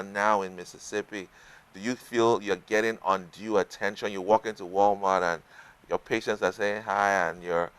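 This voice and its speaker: A man's voice: fairly low pitch, fairly bright tone, clear, resonant tone. A man hosting a local TV health talk show, asking long strings of questions. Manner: asks long, stacked questions. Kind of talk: TV interview.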